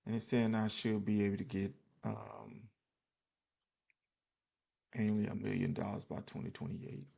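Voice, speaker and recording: A tired, yawning investing channel host casually walks through his investment portfolio on screen, speaking loosely and plainly with many fillers and restarts. His lowish, mellow voice has vocal fry, a level tone, normal speed, and long pauses.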